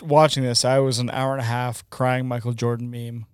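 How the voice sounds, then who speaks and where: A man's voice: mid-range voice, level tone, moderate pace, darkish tone, smooth, dry recording, studio quality. A man co-hosting a podcast in casual chat, earnest and agreeable, often hesitating. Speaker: podcast co-host.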